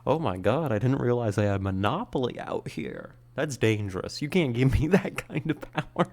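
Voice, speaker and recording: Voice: mid-range voice, big pitch swings, moderate pace, darkish tone. A livestream host chatting casually with viewers, rambling and playful, a little winded after exercise. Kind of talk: casual chat with live viewers. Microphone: streaming setup.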